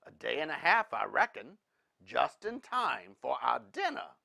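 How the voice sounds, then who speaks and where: A man's voice: mid-range voice, huge pitch swings, measured pace, gravelly, heavily acted. A man doing a drawling frontier rancher. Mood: calm. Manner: gentle, drawling.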